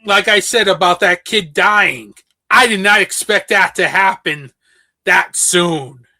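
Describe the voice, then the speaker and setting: Male horror podcast host, higher voice, unhurried, keen on his picks. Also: bright, forceful tone. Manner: enthusiastic, repeats "literally". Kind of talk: casual chat.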